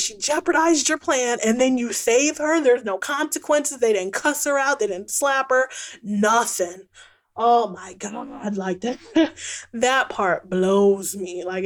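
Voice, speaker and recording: Woman host with a slightly high voice, exasperated, swears and laughs through a casual recap. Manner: exasperated, swears freely, laughs mid-rant. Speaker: podcast host reviewing a film.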